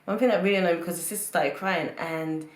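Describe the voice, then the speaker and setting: A woman's voice: lowish voice, fast. Opinionated woman reviewer in an echoey room. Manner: opinionated, repeats phrases for emphasis. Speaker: reality TV reviewer. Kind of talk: casual review commentary.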